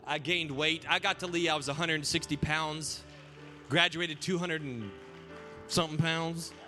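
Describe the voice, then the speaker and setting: A young man, a pastor, telling his own story in an animated sermon that rises into a preaching cry. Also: on the high side, moderate pace, big-room sound, soft background music. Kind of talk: sermon testimony.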